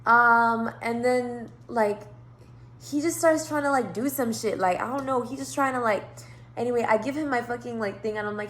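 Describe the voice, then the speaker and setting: A woman's voice: on the high side, fairly quick, slight background noise. A young woman telling a storytime vlog in a casual, profane rant, acting out the people she quotes. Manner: animated, profane, acts out quoted lines. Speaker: vlogger.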